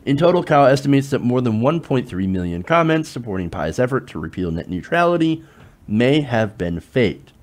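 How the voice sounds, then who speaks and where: A male political commentator talking straight to his audience, piling up rhetorical questions and sarcastic asides. His pitch sits in the middle but moves a lot, rising sharply on his points. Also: sing-song, normal speed. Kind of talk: direct-to-camera political commentary.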